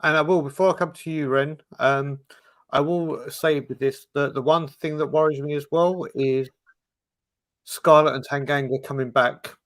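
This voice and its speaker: A man's voice: fairly high pitch, steady tone, normal speed, a bit bright, no echo. A man hosting a casual fan podcast, leading the questions and often repeating himself as he goes. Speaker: show host.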